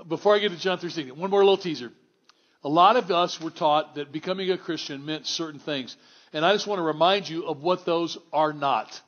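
A man preaching a sermon to a congregation in a church, conversational and wry, swinging from hushed to exclamatory. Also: a little high, highs cut off. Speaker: pastor.

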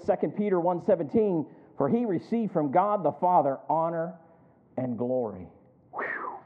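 A man preaching a sermon in a strikingly high voice. He calls out to his listeners for responses and slows right down to stress each verse he reads. The sound is thin and tinny, like a phone line. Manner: calls for responses, quotes scripture slowly with emphasis.

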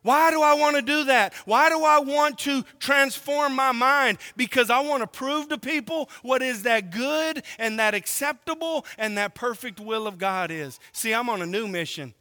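A man's voice: very high-pitched, moderate pace, hardly any pauses, bright, forceful tone, in a large hall. A man from Oklahoma preaching a sermon, emphatic and drawn out, asking the congregation rhetorical questions.

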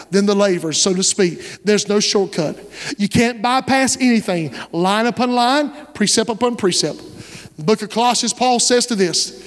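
A man preaching a sermon as pastor, impassioned and rising to shouts, asking the congregation call-and-response questions. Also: high voice. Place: church sanctuary. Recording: long church-hall reverb.

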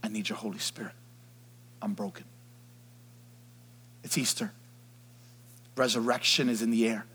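A man's voice: lowish voice, fairly even intonation, unhurried, pauses often, slightly rough. Dynamic preacher man in a reverberant church. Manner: dynamic preaching, drops to near whispers then builds to loud shouts. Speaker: pastor. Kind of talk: Easter sermon. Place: church sanctuary. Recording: long hall reverb.

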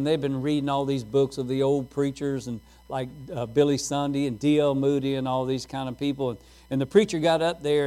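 A man's voice: mid-range voice, dark tone. A middle-aged man preaching a sermon, telling folksy stories and laughing at his own jokes.

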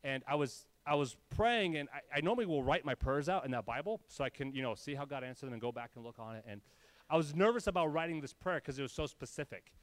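A man preaching to his church, telling a personal story with animated, humorous quoted voices. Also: a little high, fast talker, no room sound. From California. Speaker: pastor. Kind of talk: sermon storytelling.

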